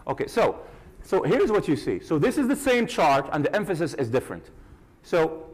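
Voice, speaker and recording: A man giving a live trading seminar to an audience, animated and teasing, calling out to the crowd directly. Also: a little high, moderate pace, breathy edge, low-quality recording. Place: conference hall with a live audience.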